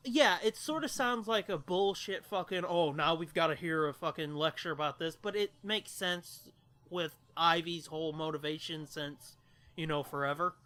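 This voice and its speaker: A man's voice: on the high side, normal speed, pushed and bright. A man co-hosting a podcast, recapping a movie plot in crude, profanity-heavy casual chat. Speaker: podcast co-host.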